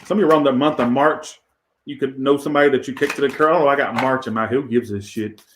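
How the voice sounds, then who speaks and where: A man's voice: medium pitch, fairly even intonation, fast, a little hiss or hum. Male tarot reader, profane and rambling, echoey room. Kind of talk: casual tarot reading.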